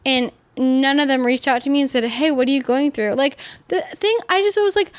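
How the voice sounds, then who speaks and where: A woman's voice: brisk, hardly any pauses. A young adult woman telling a personal story in casual, candid talk, full of fillers and blunt swearing. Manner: grows heated and higher when upset.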